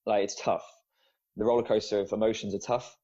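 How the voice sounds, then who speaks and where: Lowish guy, ex teacher, pouring out his story on a podcast, swears a bit, muffled lo-fi audio. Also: level tone, a little fast, dark tone. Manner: open, emotional, casual swearing. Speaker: guest, student coach and former teacher. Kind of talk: candid personal storytelling. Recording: dull lo-fi sound.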